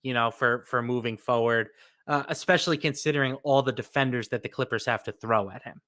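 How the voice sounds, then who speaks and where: A man working as a betting analyst who talks in a measured, matter-of-fact way and walks through statistics to reach his picks. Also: medium pitch, pushed and bright.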